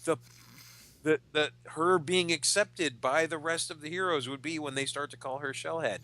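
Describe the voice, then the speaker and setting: A man's voice: fairly high pitch, moderate pace. A man hosting a podcast, casually chatting and acting out comic book characters' lines as he tells stories. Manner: animated storyteller, acts out comic characters' quotes. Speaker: podcast host. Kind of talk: casual chat.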